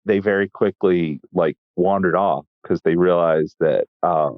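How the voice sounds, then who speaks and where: A man from Texas, a chef telling stories in a casual interview with wry, deadpan humor and frequent restarts. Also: low voice, a little slow, no echo, phone-quality sound. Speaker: chef and guest.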